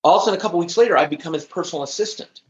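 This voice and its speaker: A man in an interview, speaking with high energy and driving each point home. His voice sits a little high for a man. The recording is echoey and dull, with a lo-fi sound. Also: rapid-fire. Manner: high-energy, emphatic storytelling. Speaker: podcast guest, trainer. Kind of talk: interview conversation.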